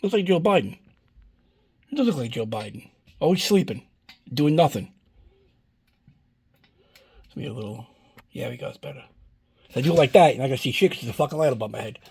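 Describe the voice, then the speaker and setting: A man's voice: medium pitch, lively intonation, a little fast, long pauses, a little mellow, slightly rough. A man talking casually at home, rambling through a story and swearing often as he shows off a collectible prop. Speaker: collector showing a movie prop. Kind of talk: casual unboxing vlog. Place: indoors at home.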